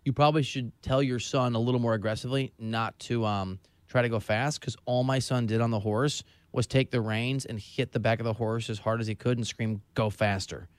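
A man's voice: mid-range voice, fairly even intonation, brisk, hardly any pauses, clean tone, dry recording. A middle-aged man hosting a sports talk show, chatting casually with sarcastic, self-mocking humor. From Southern California.

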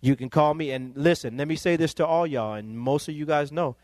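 A male pastor, preaching a sermon that climbs into emphatic, excited peaks. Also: a little high, a little fast, no room sound.

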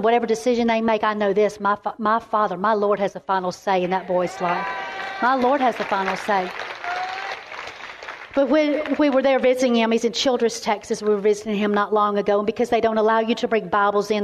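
A middle-aged woman preaching a storytelling sermon as a women's ministry speaker, animated and emphatic, often restarting her words. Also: fairly high pitch.

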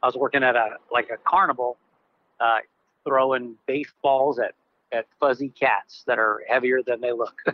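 A man's voice: medium pitch, fairly even intonation, moderate pace, dry recording, lo-fi sound. A man from Louisiana, an entertainer, telling stories from his career with wry, self-mocking humor. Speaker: juggler and entertainer. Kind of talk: casual interview storytelling.

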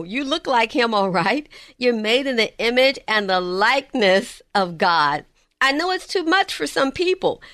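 Woman, sermon, dry close sound, animated delivery, loud then hushed lines. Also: medium pitch, no room sound. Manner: swells and drops between emphatic and hushed lines. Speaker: preacher.

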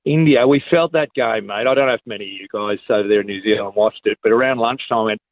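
A man's voice: on the low side, fast talker, dry recording. An Australian man, a cricket commentator, chatting casually on radio, blokey and joking as he tells stories with enthusiasm. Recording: tinny phone line, dry.

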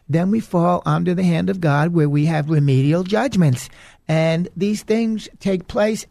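A man with a high, gravelly voice and a darkish tone speaks on a dry recording with no echo. As a radio preacher hosting his own program, he delivers an earnest, emphatic warning in a preaching monologue.

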